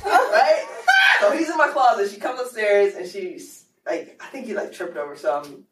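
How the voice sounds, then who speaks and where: A young woman hosts a casual podcast chat, her voice swinging widely in pitch as she laughs and acts out the people in her stories. She sits some way back from the microphone in a roomy, echoing space. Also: brisk, background noise. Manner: animated, laughing, acts out quotes. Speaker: podcast host. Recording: echoey room, distant mic.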